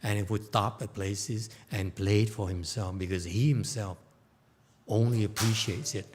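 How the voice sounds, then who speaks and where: A man's voice: lowish voice, steady tone, normal speed, slightly rough. A man teaching as a Buddhist lecturer, telling a story in an informal way and often checking in with "okay?". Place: temple lecture hall.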